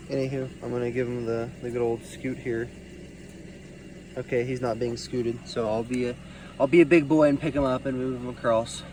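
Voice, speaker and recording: A man's voice: mid-range voice, a little hiss or hum. A man casually narrating as he finds snakes on a rural road at night, chatty and easygoing. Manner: easygoing, chatty, fond of the animals. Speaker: field herping vlogger.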